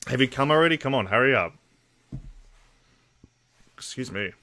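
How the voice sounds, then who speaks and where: An Australian man hosting a livestream, talking casually and bluntly to his chat. His voice is bright and forward, with a middling pitch and plenty of swearing. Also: expressive, moderate pace. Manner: blunt, profane, talks to chat. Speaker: livestream host.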